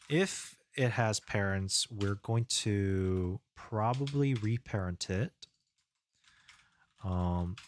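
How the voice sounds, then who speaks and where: A man streaming live as a game developer, thinking aloud in a relaxed, rambling way as he works and chats. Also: deep voice. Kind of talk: casual live-coding stream.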